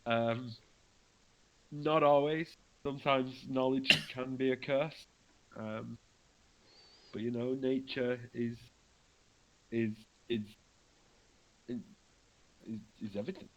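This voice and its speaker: A man's voice: mid-range voice, steady tone, slow, long pauses, lo-fi sound, slight background noise. A man with a Northern English accent, a tabletop player joking around and playing mock-offended. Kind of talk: casual tabletop game play.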